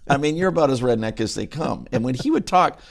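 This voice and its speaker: A pastor telling animated stories in a casual studio chat, acting out the voices of the people in them. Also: male voice, mid-range voice, quick pace, vocal fry. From United Kingdom. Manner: animated storyteller who acts out other voices. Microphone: studio microphone.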